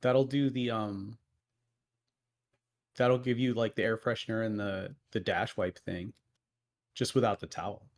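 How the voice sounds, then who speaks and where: A man's voice: lowish voice, fairly even intonation, unhurried, long pauses. A man co-hosting a podcast, chatting casually in a laid-back way and swearing now and then. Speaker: podcast co-host. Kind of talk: casual chat.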